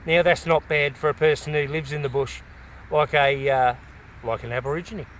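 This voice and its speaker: A man's voice: a little high, steady tone, moderate pace, fairly bright tone, slight background noise. Rambling Australian man outdoors. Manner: folksy and rambling, with bush slang. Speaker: vlogger. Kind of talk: casual walking vlog. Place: outdoors in the bush by a road.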